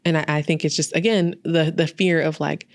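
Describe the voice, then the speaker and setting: A young woman with a fairly low voice chats on a podcast, animated and storytelling as she acts out what she and others said. The sound is close and dry, with no room around her. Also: a little fast, dry recording. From Albany, New York. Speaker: podcast host and guest. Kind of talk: casual interview chat.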